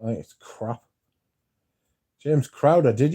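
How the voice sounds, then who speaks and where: A man's voice: mid-range voice, lively intonation, unhurried, pauses often, warm tone. A man hosting a casual livestream, rambling through stories and reading out viewer comments to answer them, swearing now and then. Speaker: livestream host.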